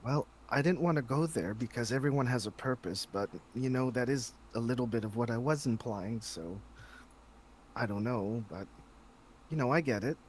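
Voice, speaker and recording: A man's voice: mid-range voice, moderate pace, a little hiss or hum. A man playing in a tabletop game, placating and rambling. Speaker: player. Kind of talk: casual tabletop play.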